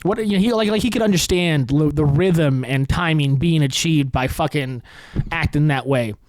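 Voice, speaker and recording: A man's voice: on the high side, moderate pace, a little mellow, no room sound. A man hosting a comedy podcast, delivering a sarcastic, profane rant. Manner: ranting, sarcastic, heavily profane.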